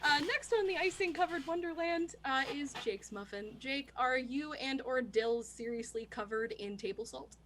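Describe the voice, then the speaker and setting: A woman's voice: high voice, animated, moderate pace, hardly any pauses, fairly bright tone, slight background noise. A woman narrating an improvised tabletop game as dungeon master, chatty and giggly.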